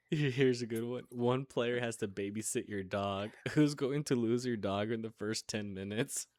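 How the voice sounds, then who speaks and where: A man's voice: mid-range voice, measured pace, darkish tone, no echo, studio quality. A man hosting a casual chat, reading playful questions and laughing often. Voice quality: laughs often while asking. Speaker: podcast host asking questions.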